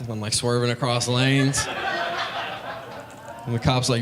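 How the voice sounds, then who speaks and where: Young guy doing stand-up, laid back, acts out voices, mid pitch, bit of room noise. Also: flat delivery, normal speed. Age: young adult. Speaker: stand-up comedian. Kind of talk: stand-up comedy set. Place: comedy club stage.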